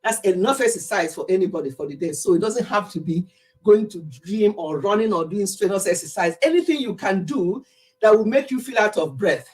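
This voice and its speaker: A woman's voice: medium pitch, expressive, a little fast, a little mellow, husky. Lady talking on a home livestream while she works out, bit out of breath, laughs a lot, greets everyone by name. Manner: chatty, greets viewers by name, laughs often while exercising. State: slightly out of breath. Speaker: livestream host. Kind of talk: casual livestream chat with singing.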